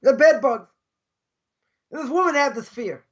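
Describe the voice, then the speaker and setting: A man's voice: very high-pitched, expressive, moderate pace, fairly bright tone, lo-fi sound. A man teaching an informal religious class as a rabbi, telling stories in a chatty way and repeating phrases for emphasis. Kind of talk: informal Torah class with storytelling.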